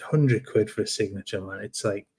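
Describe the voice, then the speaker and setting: A man co-hosting a football podcast, chatting casually and telling animated, incredulous stories. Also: fairly low pitch, normal speed, breathy edge. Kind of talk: casual chat.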